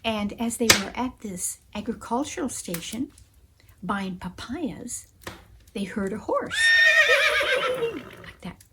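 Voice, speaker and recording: A woman telling a story in an expressive, animated way, acting out voices and gasps. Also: mid-range voice, a little slow, very noisy. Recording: music playing behind.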